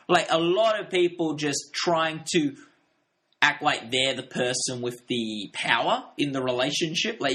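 Bright-voiced man chatting about films. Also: medium pitch. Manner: rambling, acts out quotes with filler words. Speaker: film podcast co-host. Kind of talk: casual film review chat.

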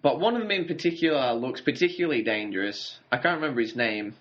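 A man's voice: mid-range voice, expressive, fast talker, a bit bright. A man co-hosting a casual podcast, recounting a show's plot in a dry, wry way. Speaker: podcast co-host. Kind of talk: casual recap chat. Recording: dull lo-fi audio.

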